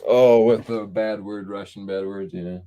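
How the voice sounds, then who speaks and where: A man hosting a casual livestream, chatting and reading viewer comments aloud in a relaxed, drawling way. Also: fairly low pitch, a little slow, highs cut off. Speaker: livestream host.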